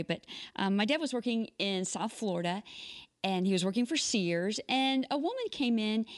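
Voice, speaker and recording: A woman host telling a true story in a short inspirational commentary, in an earnest, measured way. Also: mid-range voice.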